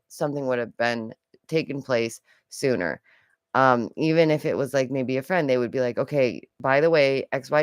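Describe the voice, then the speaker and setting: A woman's voice: very deep voice, clean tone, no room sound, clean studio sound. A young adult woman giving casual, rambling reaction commentary as a vlogger, with lots of asides. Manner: chatty, rambling, with frequent asides and laughs.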